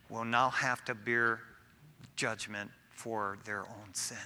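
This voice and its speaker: A man preaching a sermon to his church in a casual, animated way, often tossing in "man". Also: a little high, slow pace. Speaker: pastor.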